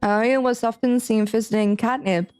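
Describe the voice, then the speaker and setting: On the high side, fairly even in intonation and a little mellow and smooth, her voice moves at normal speed over soft background music. As a game streamer playing a visual novel, she reads lines out and rambles about her theories with giggly, doubtful asides.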